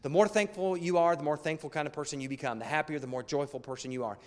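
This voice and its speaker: A man's voice: on the high side, fast. A man in his thirties preaching a sermon as a pastor, conversational and weaving in personal family stories. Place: church hall. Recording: long hall reverb.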